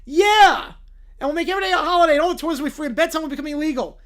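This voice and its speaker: A woman's voice: high-pitched, very animated, fairly quick, a bit bright, pitched above the performer's own voice. Woman playing a bratty little princess. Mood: gleeful. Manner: demanding, bratty, gleeful. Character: spoiled little girl princess, demanding and bratty.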